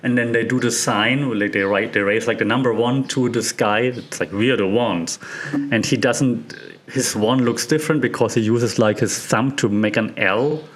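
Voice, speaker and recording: An animated man who teaches media studies, talking with real enthusiasm and breaking into laughter as he goes. His pitch sits in an ordinary male middle range. Now and then a small cough slips in. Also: normal speed. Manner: excited, animated, laughs often. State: occasional cough. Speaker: media professor. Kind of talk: enthusiastic commentary.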